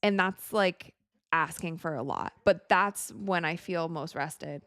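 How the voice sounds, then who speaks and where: A woman hosting a live watch party, chatting casually, reading viewer comments and reacting with excited outbursts to the plays. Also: lowish voice, slow, no room sound. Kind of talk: casual live-stream chat and game reactions.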